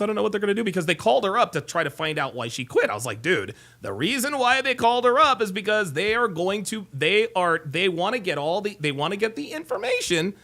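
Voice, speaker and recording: A man's voice: a little high, gravelly, fairly bright tone. A middle-aged man hosting a show, telling a long story in a casual rambling way, repeating himself and restarting his sentences. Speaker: host.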